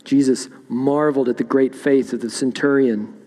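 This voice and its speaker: A man's voice: medium pitch, steady tone, moderate pace, mellow, long reverb tail. A man preaching a sermon in a church, reading scripture aloud and explaining it verse by verse. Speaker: pastor. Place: church sanctuary.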